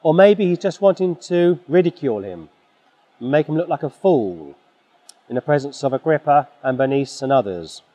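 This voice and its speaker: A man preaching a forceful, exhorting sermon, clearing his throat now and then. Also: on the high side, very animated, normal speed. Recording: dull sound in a reverberant hall.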